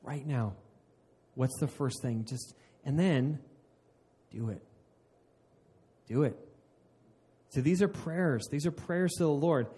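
A man's voice: fairly high pitch, slow pace, mellow, husky. A man preaching a sermon in an earnest way, often restarting mid-phrase and laughing at himself. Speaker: pastor.

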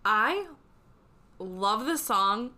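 A woman co-hosting a casual music review chat, talking excitedly with lots of "like" fillers. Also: medium pitch, very slow. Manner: excited, gushing, many "like" fillers. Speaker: co-host reviewing songs.

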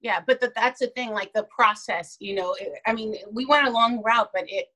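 A woman's voice: on the high side, a little fast, bright, forceful tone, poor audio. A woman chatting casually about parenting, telling stories and acting out little quoted voices along the way. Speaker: parenting guest. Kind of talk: casual podcast chat.

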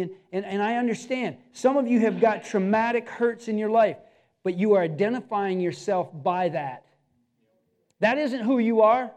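A man's voice: high-pitched, normal speed, darkish tone. A man preaching a sermon as pastor, emphatic and repetitive, speaking straight to his listeners.

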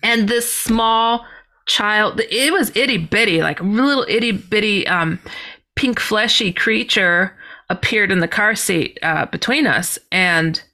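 A woman guest in an interview telling a story in an animated way, acting out the voices she quotes. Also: medium pitch, slow. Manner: animated, acts out quoted voices, many fillers. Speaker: podcast guest.

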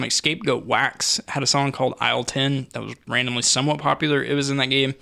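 A man with a gravelly, creaky edge and a bright, forward tone, talking loosely in casual chat. He rambles and restarts his thoughts as he goes. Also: medium pitch. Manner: rambling, restarts, laughs often.

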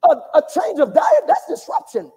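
Male pastor, high lively voice, preaching with call-and-response, repeats lines. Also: normal speed, low-quality recording. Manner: call-and-response preaching, repeats phrases, swings from loud to hushed. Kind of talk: sermon. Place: church sanctuary.

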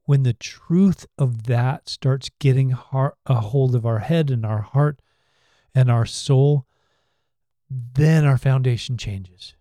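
A man's voice: mid-range voice, dark tone, no room sound, clean studio sound. A man co-hosting a faith podcast, talking earnestly and acting out little quotes with laughs. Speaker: podcast co-host.

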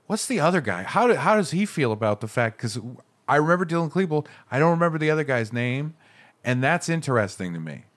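A man co-hosting a podcast in loose, casual chat. His pitch swings widely as he riffs and jokes around. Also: fast talker. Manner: animated, jokey, breaks into silly voices. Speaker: podcast co-host.

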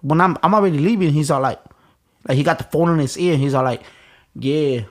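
A man's voice: a little high, fast. A man from Chicago telling a personal story in an interview, with restarts and blunt, profane street talk. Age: adult. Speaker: interview guest.

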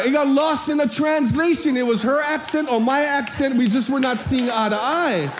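Male pastor, high-pitched, animated storyteller in the pulpit. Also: normal speed, hardly any pauses, noisy background. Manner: animated storyteller, acts out voices, shouts for comic effect. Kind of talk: sermon with storytelling.

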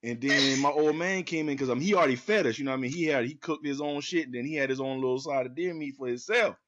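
Guy telling rowdy stories, cussing a lot, bright forceful voice, mid pitch. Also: fast talker, highs cut off. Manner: profane, animated storyteller who acts out quotes. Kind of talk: casual storytelling chat.

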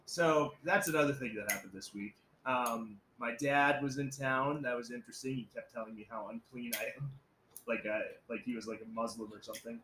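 A young man tells long, rambling stories on a podcast, swearing freely and breaking into laughs. His voice sits at an ordinary pitch. It rings in an echoey room, with faint noise underneath. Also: steady tone, brisk. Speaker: podcast co-host. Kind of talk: casual crude chat.

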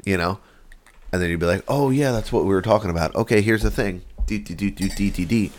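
Podcast co-host, male, very low voice, animated swearing storyteller, casual chat. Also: quick pace. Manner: animated storyteller, swears a lot, acts out quotes.

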